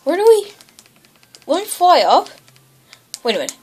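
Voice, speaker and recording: Woman, gaming commentary, high voice, swooping pitch, excitable, yelps and groans. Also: a little fast, long pauses. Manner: excitable, yelps and groans, bickers with toy characters. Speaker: gaming channel host. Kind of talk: excited video game commentary.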